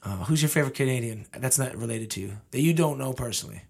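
A man's voice: medium pitch, lively intonation, quick pace, darkish tone, slight background noise. A man hosting a podcast, chatting loosely and joking, with plenty of swearing. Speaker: podcast host. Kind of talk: casual chat. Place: based in the US.

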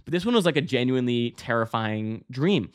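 A man hosting a podcast, telling a story casually with lots of fillers, restarts and swearing, breaking into loud high yelps. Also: animated, fairly quick. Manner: bursts into loud high-pitched exclamations when acting out scenes. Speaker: podcast host.

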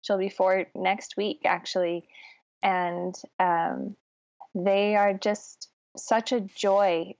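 A woman's voice: medium pitch, steady tone, takes it slowly, darkish tone, no echo, highs cut off. A woman in her thirties, a podcast guest, chatting easily and laughing often. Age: 30s. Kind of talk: conversational interview.

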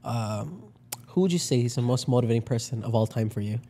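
A male podcast host talks casually with his guest. He explains things loosely, with plenty of fillers. His voice sits at an ordinary middle pitch. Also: animated, a little fast, mellow.

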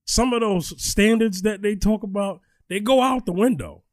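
A man hosting a casual commentary chat, animated and joking as he plays clips. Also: high voice, normal speed, few pauses, no echo. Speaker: host.

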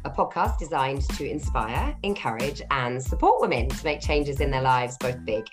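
A woman from England hosts a casual podcast chat, her pitch swinging widely as she talks. She laughs often and keeps things light. Faint music plays underneath. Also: animated. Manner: chatty and giggly, quick to laugh. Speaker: podcast co-host.

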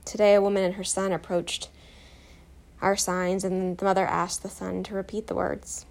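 A woman guiding a self-compassion meditation, soft, calm and encouraging, telling a short personal story. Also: medium pitch, normal speed, gravelly. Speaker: meditation guide.

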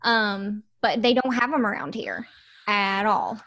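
A woman's voice: mid-range voice, measured pace, fairly bright tone. A young woman, a podcast guest, chatting casually with friendly laughter and small stammers. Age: young adult. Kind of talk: casual chat.

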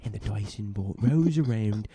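A man's voice: lowish voice, expressive, moderate pace, warm tone, slightly rough, no room sound. A young man co-hosting a casual podcast, blunt and profane, given to exasperated rants. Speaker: podcast co-host. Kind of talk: casual chat.

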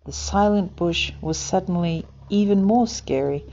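A woman reading a children's storybook aloud in a slow, gentle, expressive way. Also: lowish voice, a little hiss or hum. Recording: slightly dull lo-fi audio.

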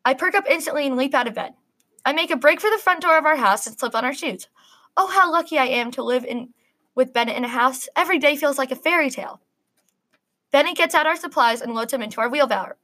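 Woman story narrator, earnest and expressive, fairly high voice. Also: quick pace. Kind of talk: first-person story reading.

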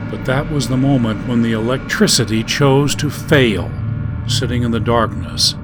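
A man reading a novel aloud in a measured, dry storytelling manner. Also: medium pitch, background noise. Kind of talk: audiobook narration.

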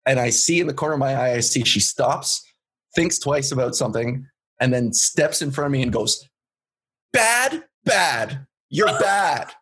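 A man's voice: mid-range voice, a little fast, a bit bright, slightly rough. A young man from Canada, a comedian guest telling a story in casual chat, laid-back and laughing often.

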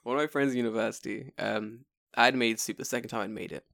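A man's voice: mid-range voice, steady tone, fast talker, gravelly, a bit bright. A British man in casual podcast chat, swearing and laughing often as he talks. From United Kingdom.

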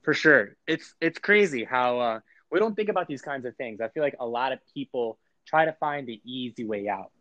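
A man's voice: mid-range voice, lively intonation, moderate pace, hardly any pauses, fairly bright tone, no room sound, lo-fi sound. A man as a podcast guest, talking in a reflective, motivational, casual way.

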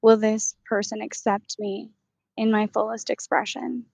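A woman voicing a channeled spirit guide, speaking slowly and gently in a channeling session. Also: on the high side, flat delivery, gravelly, breathy edge, no echo, full character voice. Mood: serene. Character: calm wise female spirit guide, unhurried. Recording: dull, dry, lo-fi sound.

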